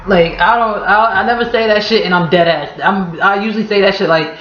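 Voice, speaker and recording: A woman's voice: medium pitch, a little fast, hardly any pauses, a little hiss or hum. A woman with a Harlem, New York accent explaining local slang in a blunt, profane, playful way. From Harlem, New York City. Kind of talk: casual slang explainer vlog. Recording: echoey room, slightly dull audio.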